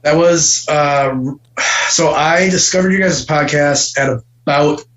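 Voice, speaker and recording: Bright-voiced joking man from Wisconsin. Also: fairly high pitch, highs cut off. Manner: quick, joking, self-mocking. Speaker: podcast host guest. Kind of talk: casual podcast chat.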